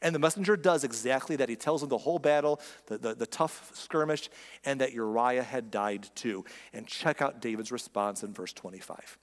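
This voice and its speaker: A man's voice: medium pitch, moderate pace, in a large hall. A man preaching a sermon in a conversational, emphatic way, full of rhetorical questions. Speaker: pastor.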